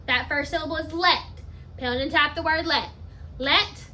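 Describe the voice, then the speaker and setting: A woman teacher giving a spelling lesson, talking slowly and emphatically and sounding words out part by part. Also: high voice, bright, forceful tone, slight background noise. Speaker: elementary school teacher.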